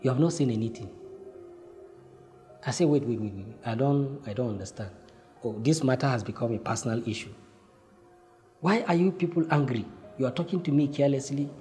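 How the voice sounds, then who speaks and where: A man telling his own life story, acting out heated exchanges with lively swings in voice. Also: mid-range voice, a little fast, long pauses, soft background music. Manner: animated, acts out heated exchanges. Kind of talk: personal storytelling.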